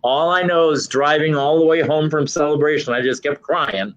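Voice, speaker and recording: A man's voice: a little high, moderate pace, a bit bright, lo-fi sound. A man guest telling a heartfelt personal story in casual conversation. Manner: earnest, heartfelt.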